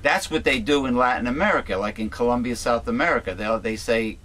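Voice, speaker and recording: Brief: male talk-show host, mid pitch, stop-start delivery with lots of restarts and repeated words. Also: fairly quick, hardly any pauses, a bit bright. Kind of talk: casual talk-show commentary.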